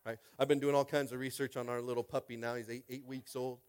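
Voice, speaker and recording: A man preaching a sermon in an animated way, tossing out call-and-response asides and swinging from loud to hushed. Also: medium pitch, fast talker, clear, resonant tone. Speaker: pastor.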